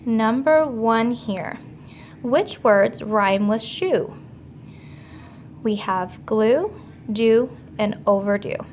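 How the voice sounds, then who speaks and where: A woman teacher giving a remote grammar lesson to young children, slow, clear and patient as she explains each step. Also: fairly high pitch, expressive, darkish tone, slight background noise.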